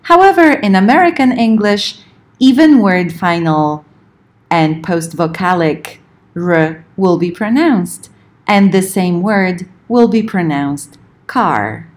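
A woman lecturing on linguistics, explaining points in a measured way and slowing down to spell out examples. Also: mid-range voice. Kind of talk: recorded lecture.

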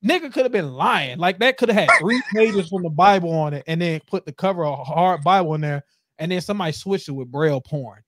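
A man hosting a podcast, ranting in casual chat, animated and heavy with profanity. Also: a little high, fairly quick, noisy background. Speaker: podcast host.

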